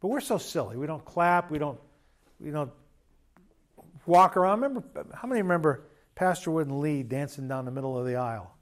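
A man's voice: on the high side, lively intonation, a little fast. A man preaching a sermon as pastor in a church, conversational and joking with emphatic bursts.

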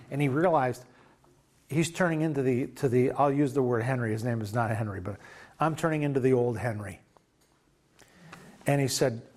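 A man's voice: mid-range voice, a little mellow. A man preaching a sermon, retelling a story in a loose conversational way and acting out the quoted dialogue. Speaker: pastor.

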